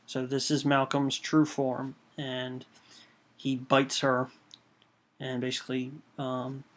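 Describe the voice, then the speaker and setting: A man pitching a storyboard, walking through the scenes hesitantly with many fillers. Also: monotone, slow. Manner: hesitant, full of "um" and "you know".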